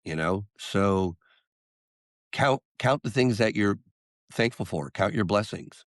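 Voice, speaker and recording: A man, a singer-songwriter guest on an interview podcast, telling a story and acting out the quotes with lively jumps in voice. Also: fairly low pitch, slow pace, no room sound, studio quality.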